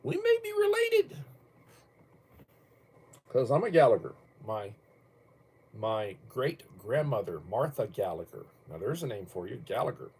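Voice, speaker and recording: A man's voice: mid-range voice, gravelly, darkish tone, slightly rough. An older man hosting a casual livestream from home, rambling bluntly and cursing casually between topics. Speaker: livestream host.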